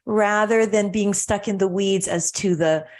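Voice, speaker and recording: Woman, medium pitch, podcast co-host, earnest, questioning, reflective chat. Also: unhurried.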